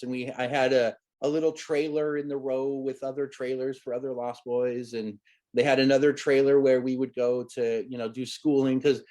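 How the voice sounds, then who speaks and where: A man's voice: medium pitch, dark tone. A man in his thirties, a guest telling stories from his childhood acting days in a rambling, amused way with many restarts. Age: 30s. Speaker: guest, former child actor. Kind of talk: casual storytelling interview.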